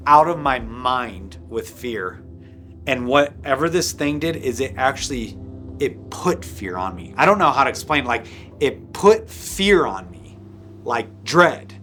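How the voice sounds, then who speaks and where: A man with a bright, forward voice recounts a personal testimony in an intense, rambling way, tripping over restarts and filler words. At the heaviest points his voice sinks to a hushed low, and faint music plays underneath. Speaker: guest sharing a personal testimony. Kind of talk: emotional first-person testimony.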